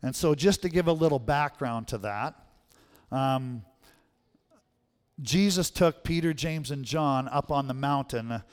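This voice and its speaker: Pastor preaching in a reverberant hall. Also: male voice, mid-range voice, a little slow, smooth. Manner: conversational preaching, frequent "right?" check-ins. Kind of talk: sermon. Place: church sanctuary.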